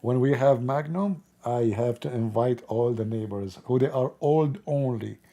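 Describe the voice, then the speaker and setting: A man's voice: mid-range voice, measured pace, mellow. A middle-aged man hosting a livestream, shifting between casual chat and blunt, mocking preaching in broken grammar. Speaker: livestream host.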